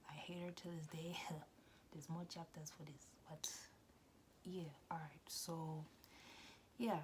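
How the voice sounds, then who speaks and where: A young woman casually telling a personal story, animated and slangy, often dropping into soft breathy asides. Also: deep voice, takes it slowly, slight background noise.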